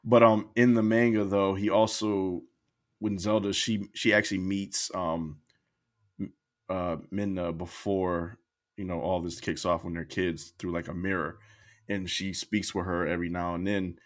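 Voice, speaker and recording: Male podcast co-host, lowish voice, loose and laughing. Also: a little slow. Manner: laughs often, animated. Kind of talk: casual chat.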